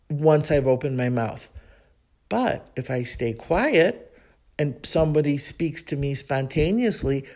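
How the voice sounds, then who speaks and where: A woman with a Chicago accent hosts her own podcast and tells a story from her life. She speaks in a chatty, reflective way and thinks aloud. Her talk is full of small pauses and restarts. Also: deep voice, a little mellow. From Chicago, United States. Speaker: podcast host. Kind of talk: personal storytelling monologue.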